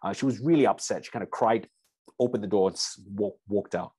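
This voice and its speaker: Husky-voiced male coach lecturing. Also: fairly low pitch, fairly quick, mellow, no room sound. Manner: storytelling, addresses audience as "you guys". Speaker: strength coach. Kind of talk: seminar lecture.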